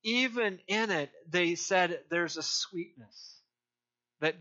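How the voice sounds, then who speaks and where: A man's voice: high-pitched, slow, bright, forceful tone, highs cut off. An older man preaching a sermon as pastor, earnest and rambling, restarting sentences and crying out for emphasis.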